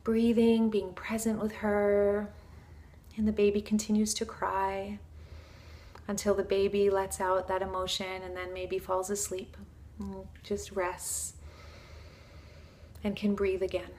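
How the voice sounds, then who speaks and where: A woman spiritual teacher speaks in an earnest, flowing, casual manner, full of fillers like "like" and "you know". Her voice sits at a middling pitch for a woman. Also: monotone, a little slow, pauses often, darkish tone.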